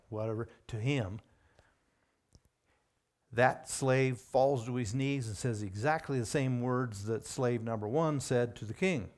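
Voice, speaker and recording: A man preaching a sermon at an unhurried, deliberate pace. He leans hard on key words, pushing them up in pitch and volume for emphasis. His voice sits at an ordinary middle pitch. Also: a little mellow.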